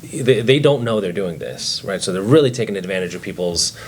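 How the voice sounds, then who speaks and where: A man co-hosting a podcast in casual chat, animated and teasing, acting out quoted voices as he talks. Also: low voice, a little fast, slight background noise. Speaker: podcast co-host, physical therapist.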